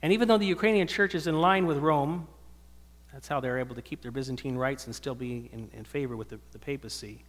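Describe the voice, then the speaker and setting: A man's voice: medium pitch, fast. A male pastor giving an earnest sermon that swells into emphatic preaching, in a church hall with long reverb.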